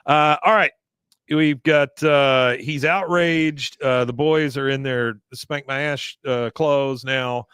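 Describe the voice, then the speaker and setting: A man's voice: mid-range voice, slow pace, clear, resonant tone, dry recording, clean studio sound. Man retelling a cartoon scene, laughing. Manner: animated retelling with voices and laughter. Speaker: podcast co-host. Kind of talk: casual episode recap.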